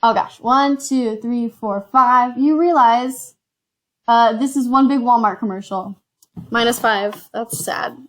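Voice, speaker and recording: Woman w a kinda high voice, reading game cards out loud and counting spaces, chatty. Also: slow. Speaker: host. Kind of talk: casual board game play-through.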